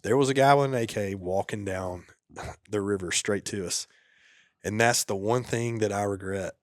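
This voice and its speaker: A man, a former soldier guesting on a podcast, telling a war story in a casual, laid-back way. He drops to a quiet murmur at the grim parts. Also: on the low side, normal speed, dry recording, clean studio sound.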